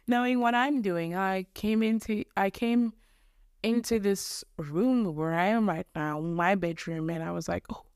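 A woman's voice: mid-range voice, slow pace, a little mellow, clean tone, dry recording, clean studio sound. A young woman from Mozambique hosting a solo podcast from her bedroom, ranting casually in a rambling, self-deprecating way with casual swearing. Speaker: podcast host.

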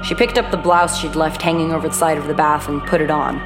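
A woman narrating a horror audiobook in a measured, even storytelling manner. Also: sits low, over music.

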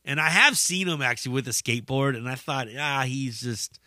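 A man's voice: medium pitch, fast, dry recording, clean studio sound. A man hosting a casual solo podcast, ranting and rambling with lots of swearing and fillers. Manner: profane, animated ranting with frequent swearing. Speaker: podcast host.

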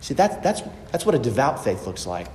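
A man's voice: medium pitch, very animated, fairly quick, darkish tone, a little hiss or hum. A man preaching a sermon as pastor, emphatic and repeating phrases for stress. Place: church sanctuary. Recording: echoey church hall.

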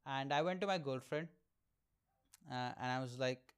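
A man's voice: medium pitch, normal speed, pauses often, clear, resonant tone. A man, telling candid, profane, self-mocking stories on his solo podcast. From India. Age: 20s. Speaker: podcast host and aspiring comedian.

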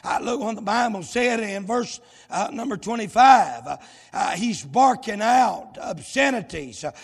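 A man preaching a shouted revival sermon, chanting his phrases with a gasped "uh" between them. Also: sits high, animated, a little slow, vocal fry, breathy edge, in a large hall. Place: church sanctuary.

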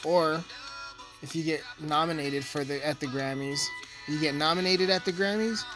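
A man's voice: on the high side, normal speed. A man rambling through a profane, joking casual monologue as a podcast host. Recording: music playing behind.

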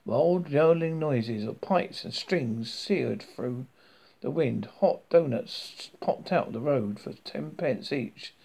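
A man's voice: medium pitch, expressive, takes it slowly, creaky, a little mellow. A man reading a comic story aloud, stumbling and correcting himself as he goes. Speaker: reader.

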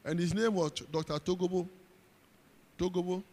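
A man's voice: high voice, fairly even intonation, normal speed, a little mellow. A man preaching a sermon with a Ghanaian accent, emphatic, repeating phrases and calling out to the congregation. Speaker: pastor. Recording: long hall reverb.

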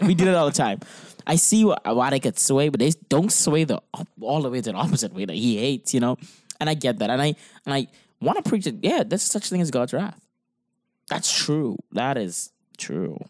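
An earnest man who preaches, chatting about his beliefs with real conviction. He lands his points with emphasis in a middle-pitched voice. The room sound is dry and close. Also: very animated, brisk, a little mellow, no echo. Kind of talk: casual faith discussion.

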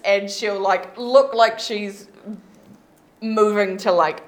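A woman's voice: mid-range voice, takes it slowly. A woman player in a tabletop game, talking through her character in a playful way. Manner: playful, animated.

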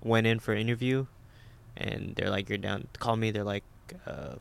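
A young man chatting casually with friends, calm and brief in his answers. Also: fairly low pitch, moderate pace, creaky, clear, resonant tone. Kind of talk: casual podcast chat.

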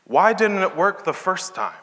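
A man teaches scripture in a relaxed, conversational way, slipping into the characters' voices as he retells the story. His voice is bright and forceful, pitched a little high, and it rings with a long reverb, as in a large hall. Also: normal speed. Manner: retells scripture in casual modern slang, acting out the characters' lines. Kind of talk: casual Bible teaching.

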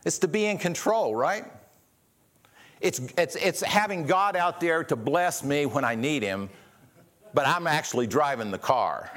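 A man's voice: on the high side, animated, normal speed, a bit bright. A man preaching a sermon, earnest, often restarting and repeating words and asking rhetorical questions. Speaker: pastor.

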